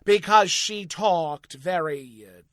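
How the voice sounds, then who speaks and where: A man co-hosting a podcast, recapping a sitcom episode in casual, animated chat and acting out the characters' lines. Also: sits high, takes it slowly, dry recording, clean studio sound. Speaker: podcast co-host.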